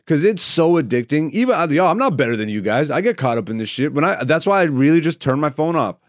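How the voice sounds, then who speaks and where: A man's voice: a little high, big pitch swings, quick pace, dry recording, studio quality. A man hosting a podcast on his own, ranting in a profane, rambling, mocking way. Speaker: podcast host. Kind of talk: solo comedic rant. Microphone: studio mic.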